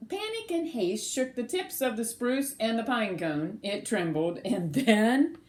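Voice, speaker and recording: Reading a rhyming picture book to kids, a woman sounds lively and sing-song, breaking off now and then to quiz them. She's a little high-pitched and keeps a measured pace with few pauses.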